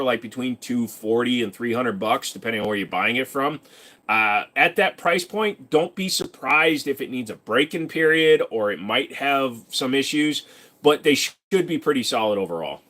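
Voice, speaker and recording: A man's voice: a little high, fairly bright tone. A young man hosting a casual live stream, reading questions from chat aloud and answering them in a rambling, joking way.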